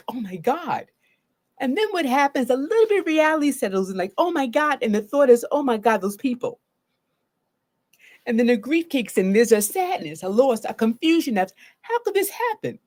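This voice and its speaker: A woman therapist from Baltimore, speaking live to her viewers in an expressive way and acting out her own reactions as she talks. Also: a little high. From Baltimore, Maryland. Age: adult with a grown daughter.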